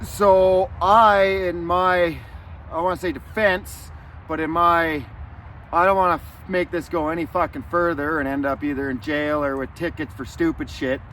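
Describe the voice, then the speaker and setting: A man tells a story to the camera in a loose, rambling way, full of swearing and anger. His voice sits a little on the high side. Faint traffic hums outdoors behind him. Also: steady tone, moderate pace, a bit bright. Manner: angry, profane and rambling. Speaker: vlogger. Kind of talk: casual storytelling.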